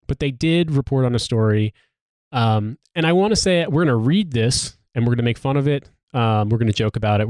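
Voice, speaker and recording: A man's voice: on the low side, darkish tone, dry recording, studio quality. An American man hosting a podcast, talking in casual, profane, ranting commentary. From United States. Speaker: podcast host.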